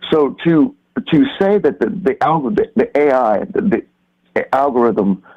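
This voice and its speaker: Man, radio caller, halting conspiratorial rambler, muffled lo-fi line. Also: medium pitch, expressive. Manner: halting, many restarts and fillers, conspiratorial. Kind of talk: rambling call-in talk. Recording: dull lo-fi phone-in line.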